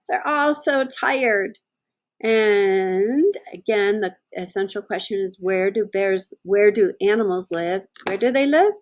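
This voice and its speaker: A woman's voice: mid-range voice, lively intonation. A woman teacher reading a picture book aloud to young children, stopping to ask them questions. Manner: slow, sing-song, asks children questions.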